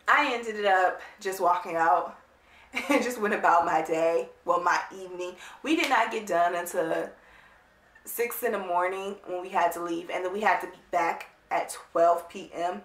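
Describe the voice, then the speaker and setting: A woman vlogger telling a casual storytime, animated, blunt and emphatic. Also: mid-range voice, a little slow, a little hiss or hum. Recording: roomy, distant mic.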